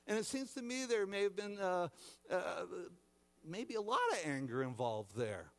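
A pastor with a high-pitched, sing-song voice preaches a sermon at a moderate pace, often repeating words and restarting. Dramatically, he acts out frightened voices, playing the disciples shouting.

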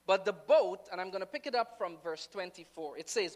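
A woman preaching a sermon, telling the story dramatically and swinging between hushed and loud delivery. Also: medium pitch, brisk, few pauses.

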